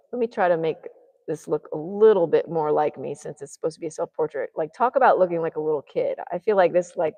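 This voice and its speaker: Woman artist, chatty and rambling as she paints, low voice with a lingering reverb. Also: darkish tone. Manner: chatty, rambling, thinks aloud. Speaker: artist livestreaming a painting session. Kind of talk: casual chat while painting.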